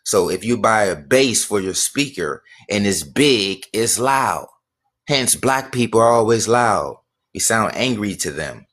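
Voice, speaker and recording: A man's voice: fairly low pitch, expressive, unhurried, a bit bright. Emphatic man ranting on a livestream. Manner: emphatic, repetitive, rhetorical questions. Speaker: livestream host. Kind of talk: casual livestream rant.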